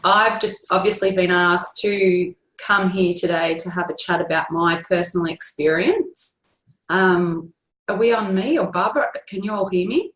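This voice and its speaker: Low-voiced woman in an echoey room. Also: fairly even intonation, normal speed, fairly bright tone, a little hiss or hum. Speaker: guest sharing a family story. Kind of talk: online group call testimonial.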